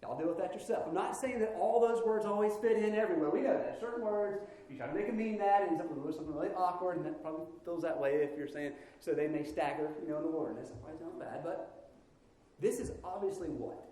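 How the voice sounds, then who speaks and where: A man's voice: sits high, fast, warm tone. A man preaching a sermon in a church, conversational and playful, with frequent asides to the congregation. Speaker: pastor. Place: church sanctuary. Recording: very echoey church hall.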